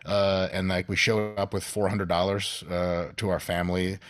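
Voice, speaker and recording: A man in his thirties, from Russia, talking as a guest on a casual podcast. His voice sits a little low and sounds close and dry. He swears freely, jokes around and explains at length. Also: monotone, normal speed, a bit bright, clear, resonant tone, no echo. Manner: profane, joking, explains at length.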